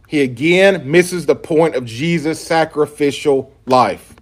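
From the pulpit, a pastor with a slightly high voice preaches a sermon with strong emphasis, reading passages of scripture aloud along the way. He speaks unhurriedly and rarely pauses.

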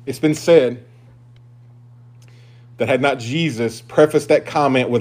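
Speaking slowly with long pauses, this male pastor addresses his flock in a mid-range voice. His sermon is forceful, dropping from booming, insistent statements to soft, intimate remarks.

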